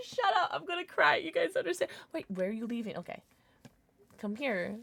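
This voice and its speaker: A woman livestreaming her gameplay, talking straight to her chat in a bright, slightly high voice. Her pitch leaps all over the place as she gushes and squeals, then drops back to easy rambling. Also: moderate pace, vocal fry. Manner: excitable, squealing and gushing, chatty with chat. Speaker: streamer. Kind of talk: live gameplay streaming, chatting with viewers.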